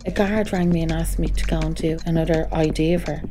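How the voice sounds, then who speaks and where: A woman's voice: sits low, steady tone, a little fast, mellow, a little hiss or hum. A woman, speaking casually in an interview.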